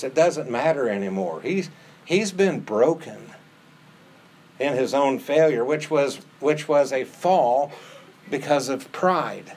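A man's voice: medium pitch, darkish tone. A man preaching a sermon in an earnest tone, acting out the quoted prayers with rising intensity. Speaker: pastor.

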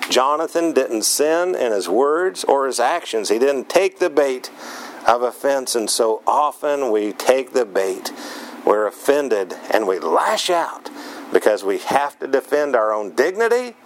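A man's voice: sing-song, unhurried, a little hiss or hum, rough recording. A man preaching a Bible sermon, explaining the passage earnestly and acting out quoted lines with rises and falls in his voice. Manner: earnest, acts out quoted lines with shifts in pitch.

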